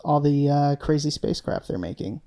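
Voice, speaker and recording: Gravelly, mellow man with dry asides. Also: on the high side, expressive, normal speed. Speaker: podcast co-host. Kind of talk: casual chat.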